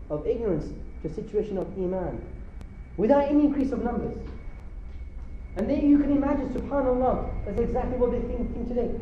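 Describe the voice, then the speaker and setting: A man's voice: high voice, mellow, slight background noise. A man giving a religious lecture, impassioned and rhetorical, asking his audience questions. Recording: roomy lo-fi lecture hall recording.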